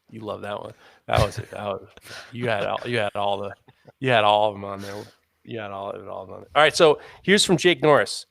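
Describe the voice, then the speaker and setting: A man's voice: lowish voice, moderate pace, creaky, a bit bright, no echo, studio quality. A man hosting a live podcast in a casual, rambling way, laughing often and swearing freely. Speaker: podcast host.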